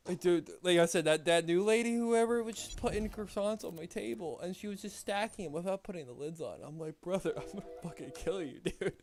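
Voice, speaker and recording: A man's voice: high-pitched, lively intonation, moderate pace, faint music behind. A young man streaming a game, chatting casually in a rambling, laid-back way with lots of swearing and filler words. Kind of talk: casual chat while gaming.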